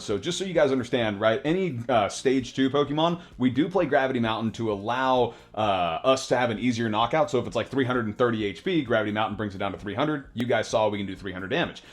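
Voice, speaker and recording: A man giving casual, excitable commentary over his own digital card game match, in a laid-back voice that says dude and bro a lot and laughs often between plays. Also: medium pitch. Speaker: card game content creator.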